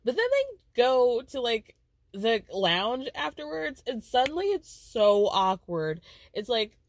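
A woman's voice: fairly high pitch, very animated, slow. A woman hosting a casual podcast, recapping reality TV in a gossipy, chatty way and laughing often.

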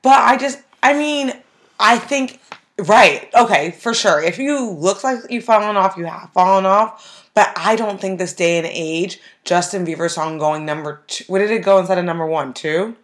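A young woman co-hosting a podcast, teasing her partner and sharing opinions in casual chat. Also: mid-range voice. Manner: teasing, quick reactions, opinionated. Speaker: podcast co-host.

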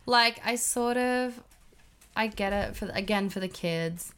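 A woman's voice: medium pitch, a little slow, a bit bright, clean tone. A young Australian woman co-hosting a podcast, laid-back, with many short agreements and fillers. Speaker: podcast co-host. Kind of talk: casual chat.

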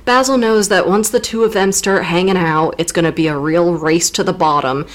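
A woman's voice: fairly low pitch, fairly even intonation, moderate pace. A woman co-hosting a casual literature podcast, retelling a novel with playful, teasing jokes. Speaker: podcast co-host. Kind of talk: casual literary recap chat.

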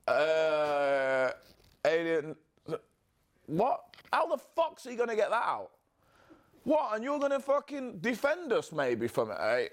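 A man co-hosting a podcast, chatting casually, swearing and jumping between quick impressions. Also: extremely high pitch, sing-song. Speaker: podcast co-host.

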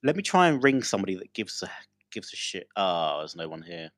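A man's voice: deep voice, big pitch swings, a little fast, a bit bright, no echo. A man co-hosting a podcast, trading teasing, dry banter in casual chat. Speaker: podcast co-host.

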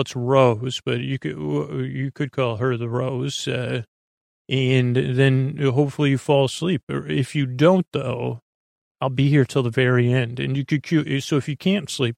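A man hosting a sleep podcast, rambling in a slow, meandering way full of fillers and restarts. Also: mid-range voice, vocal fry, a little mellow, no echo, studio quality. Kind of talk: rambling bedtime podcast chat.

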